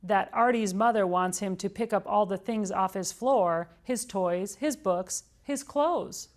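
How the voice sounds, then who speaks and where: A woman's voice: mid-range voice, measured pace, lightly acted. A woman voicing a fussy male professor and science judge in a children's storybook read-aloud, matter-of-fact and lecturing.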